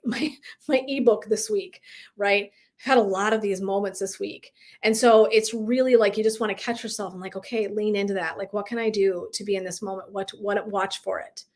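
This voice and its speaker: Woman in her thirties, wellness coach, live-stream chat, animated, casual swearing, laughs. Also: mid-range voice.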